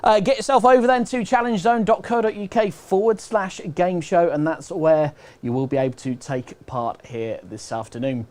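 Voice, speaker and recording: A man's voice: high-pitched, normal speed, hardly any pauses, a little mellow. A man with a British accent hosting a live online quiz, chatty and upbeat, walking viewers through the rules. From United Kingdom. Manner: chatty, upbeat, repeats instructions. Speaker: quiz host.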